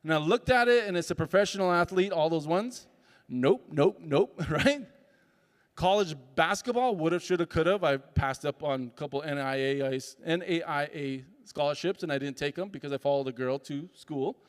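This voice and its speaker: A man with a fairly high voice tells a personal story to a room, animated and quick to slip into the voices of the people in it. His words ring out with a long reverb tail, as if caught in a large hall. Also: smooth. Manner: animated, acts out dialogue in the story. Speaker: speaker at a summit. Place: conference hall.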